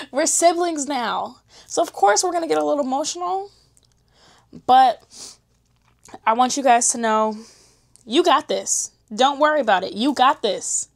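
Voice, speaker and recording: A woman's voice: high-pitched, lively intonation, unhurried, vocal fry, pauses often. A young woman chatting candidly to camera, slangy, emotional and encouraging. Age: young adult. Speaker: vlogger. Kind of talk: casual chat to camera.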